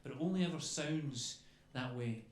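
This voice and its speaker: The recording captures a stand-up comedy set in an echoey club with faint background noise. The man, speaking at a moderate pace in a medium pitch, rambles chattily and keeps tacking "okay?" and "you know" onto his lines.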